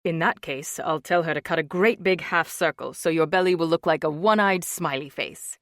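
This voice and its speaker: A woman reading an audiobook, voicing a gentle, playful young husband in a lowered voice. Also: moderate pace, no echo, clean studio sound. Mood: teasing. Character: tender joking young husband, man. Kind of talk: audiobook character voice.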